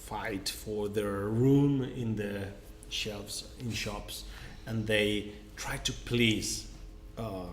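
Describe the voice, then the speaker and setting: A man's voice: on the low side, very slow, hardly any pauses, slight background noise. Hesitant man. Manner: hesitant, searching for words with many uhs. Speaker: wine tasting co-host. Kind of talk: casual online tasting chat.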